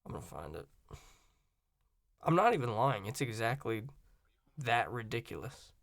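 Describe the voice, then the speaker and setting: A man from Virginia and Florida rambling through an opinionated, casual monologue. His mid-pitched voice is gravelly with fry and sits close and dry, with no room sound. He keeps cutting himself off mid-sentence. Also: sing-song, moderate pace, fairly bright tone, dry recording. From Virginia and Florida, USA. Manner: opinionated, rambling, self-interrupting.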